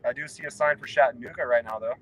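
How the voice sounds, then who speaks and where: A man's voice: medium pitch, rapid-fire, over a noisy crowd, rough recording. A young man on a road trip, talking casually from his car in a rambling, wry, offhand way. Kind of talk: casual chat. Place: inside a car while driving. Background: faint road and vehicle noise.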